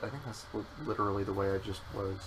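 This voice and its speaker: A man with a lowish voice talks at a quick pace on a poor recording with a little hiss or hum. Co-hosting a game stream with his partner, he chats casually, jokes around and sometimes slips into silly voices.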